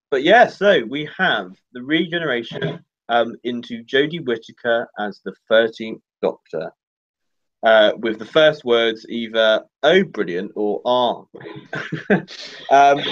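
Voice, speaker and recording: A young man hosting a fan livestream, talking casually with plenty of fillers and quick laughs. His voice sits at an ordinary pitch. The audio is a little dull and lo-fi. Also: animated. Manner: chatty, laughs often, many fillers and restarts. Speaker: livestream host.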